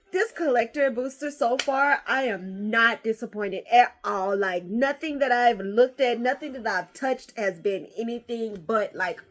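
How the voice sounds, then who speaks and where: A woman casually opening trading card packs on camera, excitable and profane, swinging between hushed murmurs and loud squeals. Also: fairly high pitch, a little slow, hardly any pauses. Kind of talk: casual unboxing vlog.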